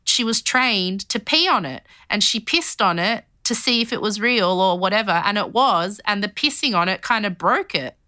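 A woman co-hosting a podcast, chatting casually and telling stories in an animated way. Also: mid-range voice, normal speed, few pauses, no room sound, clean studio sound. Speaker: podcast co-host. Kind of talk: casual chat, storytelling.

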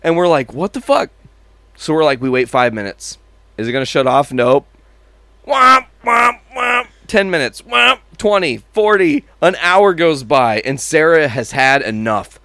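Profane, animated male podcast storyteller. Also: mid-range voice, moderate pace, no room sound. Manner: profane, animated storyteller mimicking horn sounds. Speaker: podcast co-host. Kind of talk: casual chat.

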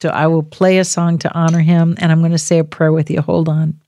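A woman hosting a call-in radio show, speaking gently and consolingly to callers, calling them honey. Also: low voice, level tone, fairly quick. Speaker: radio host.

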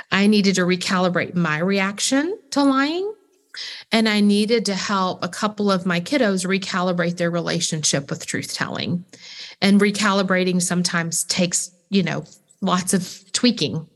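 A woman's voice: lowish voice, measured pace. A woman, a parent and podcast guest, speaking candidly and reflectively in a casual conversation.

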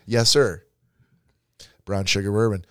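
Male podcast co-host: lowish voice, laid-back, chatty, close dry mic. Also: steady tone, unhurried, smooth, no room sound. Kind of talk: casual chat.

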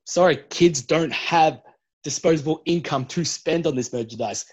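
A man's voice: fairly high pitch, moderate pace. A young man, chatting and ranting bluntly on a casual podcast. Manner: blunt, ranting, swears freely. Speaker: podcast co-host. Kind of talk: casual chat.

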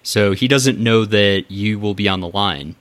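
A man's voice: lowish voice, a little slow, a bit bright, no echo. A man hosting a running podcast, friendly and loose with fillers. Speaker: podcast host. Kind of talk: casual interview hosting.

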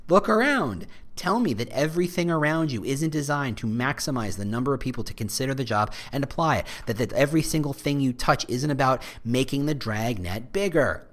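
A man's voice: mid-range voice, moderate pace. A man hosting a podcast, chatty and direct, with plenty of playful asides. His voice swings widely up and down as he talks. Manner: animated, jokey asides, speaks directly to listeners. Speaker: podcast host. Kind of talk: casual solo podcast monologue.

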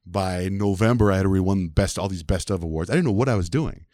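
Man in his fifties, deep voice, rapid animated storyteller, dry close sound. Southwestern US. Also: dry recording. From southwestern United States. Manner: animated, acts out quoted voices. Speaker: interview guest, radio personality. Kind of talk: conversational storytelling.

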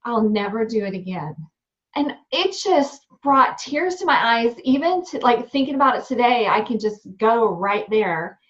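Young woman guest, restaurant owner, animated and candid, slightly high voice, dull lo-fi sound. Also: normal speed, few pauses. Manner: animated, candid, many fillers. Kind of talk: storytelling interview.

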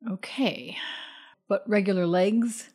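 A woman's voice: mid-range voice, slow pace, darkish tone, breathy edge. A woman takes part as a player in a casual tabletop role-playing game. She talks in a chatty way, with frequent laughter.

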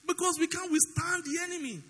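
A man's voice: very high-pitched, brisk, big-room sound, low-quality recording. A man with a Nigerian accent preaching a sermon as pastor, telling stories animatedly and acting out the dialogue. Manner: animated storytelling, acts out dialogue.

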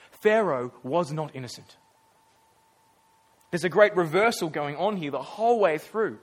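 A male pastor preaching a sermon, earnest and emphatic, with storytelling pauses and casual asides. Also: fairly high pitch, lively intonation.

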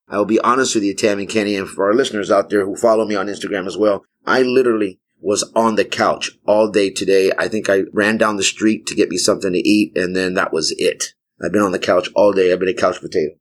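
A man's voice: fairly low pitch, brisk, hardly any pauses. A man in his forties co-hosting a podcast, telling stories with energy and acting out other people's lines. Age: 40s. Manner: animated storyteller, acts out other people's lines. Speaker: podcast co-host. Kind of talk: casual chat.

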